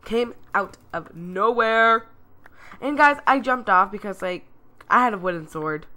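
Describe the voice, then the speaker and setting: A woman talks through her video game in a casual, excitable and self-deprecating way. Her voice is bright and edged, and she speaks at an unhurried pace. Keys click on a keyboard behind her. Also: mid-range voice. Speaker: gameplay commentator.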